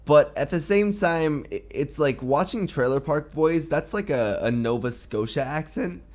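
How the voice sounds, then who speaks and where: A man's voice: fairly high pitch, animated, unhurried, a little mellow. A young man from Washington State, hosting a casual podcast chat in a rambling, filler-heavy way. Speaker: podcast host.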